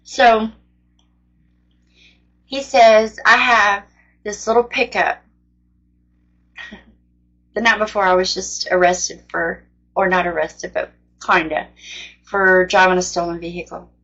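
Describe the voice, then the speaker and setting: A woman shares her personal faith testimony in an earnest, rambling, conversational way. Her voice sits at an ordinary pitch and comes through a dull, lo-fi recording. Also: steady tone, slow, pauses often, a bit bright. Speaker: faith storyteller. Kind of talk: personal testimony, casual storytelling.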